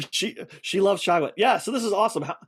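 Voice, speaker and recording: Fast-talking man hosting a podcast. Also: high voice, a bit bright, slightly rough. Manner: rambling, loosely worded questions. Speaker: podcast host. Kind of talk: casual podcast interview.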